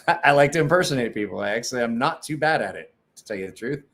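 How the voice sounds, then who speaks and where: A man's voice: mid-range voice, animated, fast, fairly bright tone. A man hosting a casual livestream, rambling and cutting himself off, with easy swearing. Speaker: livestream host.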